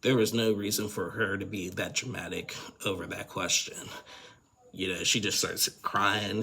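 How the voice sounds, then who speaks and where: Low gravelly man recapping reality TV. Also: fairly even intonation, moderate pace, sharp tone. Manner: rambling, filler-heavy, frank opinions. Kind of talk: casual opinionated TV recap.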